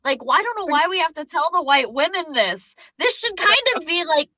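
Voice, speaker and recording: High, bright podcast host, slightly lo-fi. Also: female voice, very animated, fairly quick, few pauses, no echo. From South Dakota. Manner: blunt, reactive, profane. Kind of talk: casual chat. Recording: slightly dull lo-fi sound.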